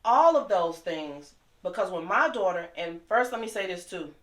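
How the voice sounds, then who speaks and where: A woman's voice: fairly low pitch, animated, fairly bright tone. Impassioned woman in an echoey room. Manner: impassioned, talks fast and heated. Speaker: guest. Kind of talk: emotional personal storytelling.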